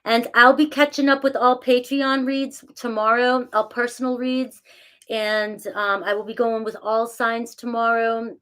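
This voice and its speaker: A woman's voice: fairly high pitch, level tone, a little slow, a bit bright. Chatty middle-aged woman on a live stream. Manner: chatty and self-mocking, reads out viewer names, laughs often. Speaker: tarot reader talking to live chat. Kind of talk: casual live-stream chat.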